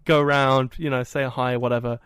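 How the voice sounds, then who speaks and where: A man hosting a podcast, telling a story in a casual, animated and self-mocking way. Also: medium pitch, fairly quick, clear, resonant tone, no echo. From England. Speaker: podcast host. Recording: dry, poorly set up audio.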